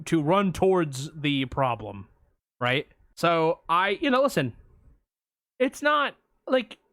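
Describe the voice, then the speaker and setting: A man co-hosting a casual movie podcast, telling stories in an animated, boastful way. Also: high-pitched, dry recording, clean studio sound. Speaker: podcast co-host.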